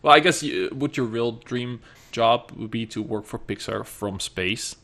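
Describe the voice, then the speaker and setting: A man's voice: mid-range voice, measured pace, gravelly, a bit bright. A man hosting a podcast, chatting casually, joking and stumbling over his words. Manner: joking, stammering restarts. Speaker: podcast host. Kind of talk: casual chat.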